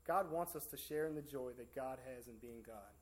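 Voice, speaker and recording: A man's voice: mid-range voice, brisk. A man giving a sermon in a church service, in a casual, conversational way full of fillers and restarts. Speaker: preacher.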